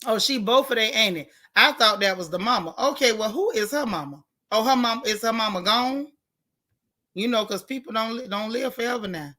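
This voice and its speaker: Bright-voiced outspoken woman chatting live. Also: a little high, moderate pace. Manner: outspoken, animated, colloquial, talks back to the chat. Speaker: live-stream host reading viewer comments. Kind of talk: casual live-stream commentary.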